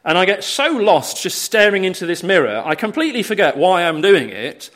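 Male preacher, slightly high voice, earnest and halting, leans on rhetorical questions. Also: big pitch swings, a bit bright. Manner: earnest, many fillers and restarts, rhetorical tag questions. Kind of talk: sermon on a Bible passage.

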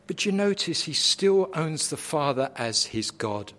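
A man preaching a sermon, dramatic, swinging from hushed lines to loud, intense ones. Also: fairly high pitch, lively intonation, unhurried.

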